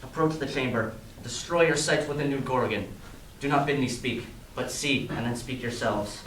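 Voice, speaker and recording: A man's voice: mid-range voice, normal speed, soft background music. Teen boy reciting Shakespeare lines. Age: teens. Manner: recited lines, bursts into shouting. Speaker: student actor as Macduff. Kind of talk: student stage performance. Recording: echoey room, distant mic.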